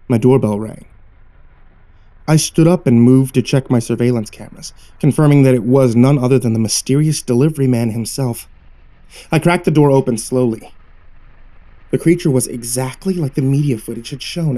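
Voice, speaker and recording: A man hosting his channel, narrating a first-person horror story with dramatic, tense pauses. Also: medium pitch, dark tone.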